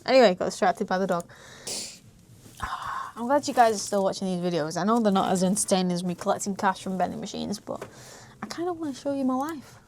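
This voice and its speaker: A woman's voice: medium pitch, animated, fast talker, darkish tone, slight background noise. A British woman in her twenties, chatting casually in a vlog about running her small business, easily sidetracked and swearing lightly. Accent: British English. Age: 20s. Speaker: vlogger, small business owner. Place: small home office indoors.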